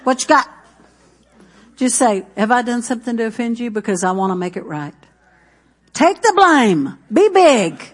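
A middle-aged woman pastor preaches a sermon conversationally, directing asides and restarts at her congregation. Her fairly high voice is sing-song and moves at a moderate pace.

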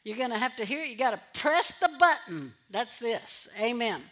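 A woman's voice: on the high side, sing-song, moderate pace, fairly bright tone. A woman pastor preaching a sermon in church, repeating phrases for emphasis and drawing amens from the congregation.

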